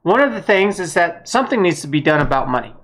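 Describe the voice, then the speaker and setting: A woman's voice: on the low side, sing-song, fast talker. A woman giving a blunt, heated political opinion monologue, with some mild swearing. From United States. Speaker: vlogger.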